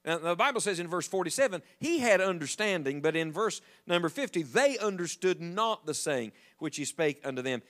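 A man's voice: sits high, fairly quick, hardly any pauses. A middle-aged man, preaching a sermon as an evangelist in a folksy, storytelling way. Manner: folksy, animated storytelling with jokes to the congregation.

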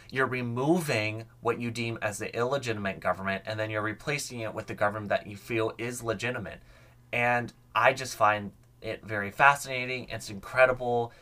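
A man's voice: on the low side, pushed and bright. A young man hosting a solo history podcast, talking casually and enthusiastically. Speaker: podcast host.

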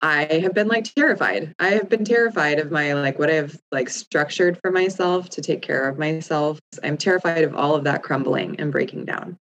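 A woman's voice: deep voice, lively intonation, normal speed, hardly any pauses, a bit bright, poor audio. A woman in her thirties, co-hosting a podcast, talking candidly and reflectively with lots of "like" fillers. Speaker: podcast co-host. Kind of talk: casual chat.

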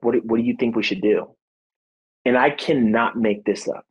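A man in his thirties, a former football player, telling a personal story in a podcast interview, earnest and animated, acting out what people said. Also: medium pitch, moderate pace, slightly rough, rough recording. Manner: faith-centered, reflective. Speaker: guest, former football player and motivational speaker.

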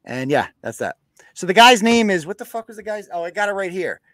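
A man's voice: sits high, big pitch swings, fairly quick, fairly bright tone, no room sound. A man from New hosting a live show, cursing bluntly and acting out quoted exchanges in a casual rant. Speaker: podcast host.

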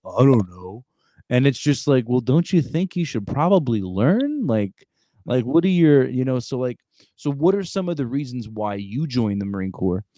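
A young man hosting a podcast, talking bluntly and casually with lots of fillers and quick asides. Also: medium pitch, dark tone, no room sound. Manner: blunt, talks fast with many fillers and acted quotes. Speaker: podcast host, former Marine recruiter. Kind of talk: casual interview chat.

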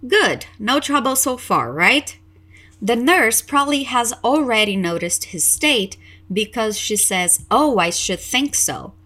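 Brief: woman host teaching English, bright and sharp voice, encouraging and explanatory. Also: fairly high pitch, expressive, unhurried. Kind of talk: podcast language lesson.

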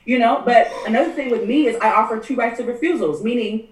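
Fast-talking blunt woman, roomy and off-mic. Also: a little high, recorded from a distance, a little hiss or hum. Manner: candid, blunt, acts out clients in quick asides. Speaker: matchmaker guest. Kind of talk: casual podcast interview.

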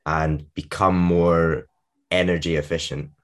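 Very deep, slow-talking male podcast co-host. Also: flat delivery. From Scotland. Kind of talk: casual podcast chat.

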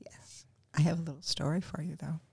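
Creaky-voiced woman telling stories. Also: deep voice, brisk, no echo. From Pennsylvania, USA. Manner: relaxed storyteller, frequent quiet murmurs of agreement. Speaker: real estate agent guest. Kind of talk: casual interview chat.

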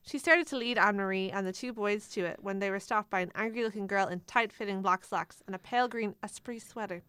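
A woman reads a teen novel aloud in an easy, plain way, and her voice comes through smooth and clear. She is close to the mic on a dry track with no room sound, speaking at a mid pitch. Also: brisk, hardly any pauses, a bit bright, no echo. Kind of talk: casual read-aloud with banter.

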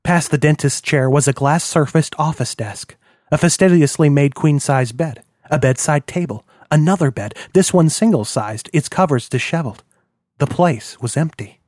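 A man's voice: a little high, a little mellow, no room sound. Man narrating an audiobook, dry sound. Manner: measured, descriptive. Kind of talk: scripted narration.

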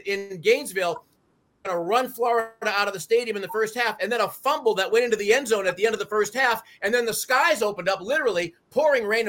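A man's voice: sits high, sharp tone. A middle-aged man, passionately rallying fans on a sports talk show. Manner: fired-up, preachy, raises voice to rally fans.

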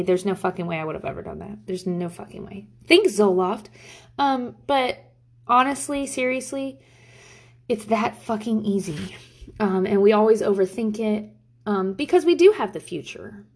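A mother talking casually to her viewers about parenting, frank and profane, reflective and self-deprecating, with frequent "um"s. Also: medium pitch. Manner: frank and profane, with many fillers. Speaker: mother sharing parenting advice. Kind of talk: casual talk to camera.

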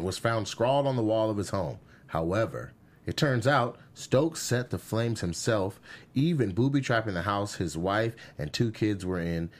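A man co-hosts a casual chat show, reading news stories and acting out quotes with animation. His pitch swings widely, though it sits mid-range overall. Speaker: podcast co-host reading news items.

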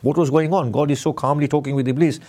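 A middle-aged man preaching a conversational sermon, putting questions to his listeners and slowing down to stress key words. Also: fairly high pitch, fairly even intonation, darkish tone. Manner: questions the audience, emphatic with sudden slow stresses. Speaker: Islamic preacher.

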